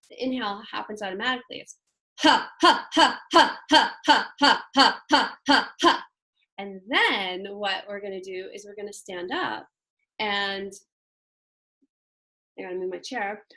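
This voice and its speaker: A woman's voice: mid-range voice, pushed and bright. Give me a chatty woman leading a workshop. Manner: casual and chatty, with many fillers; demonstrates breathing exercises aloud. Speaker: women's leadership workshop leader. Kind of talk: guiding a group class.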